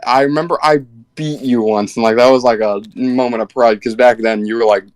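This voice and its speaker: A man with an ordinary mid-range voice chats on a voice call before a match. He talks loudly, sounds excitable and keeps joking around. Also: mid-range voice, a little fast. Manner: loud, excitable, playful. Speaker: tournament player on a call. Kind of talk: casual chat on a voice call.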